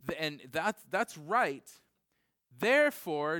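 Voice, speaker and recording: A man in his thirties preaching a sermon in an animated way, jumping from loud, excited questions to quiet, low scripture reading and laughing often. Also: slow pace.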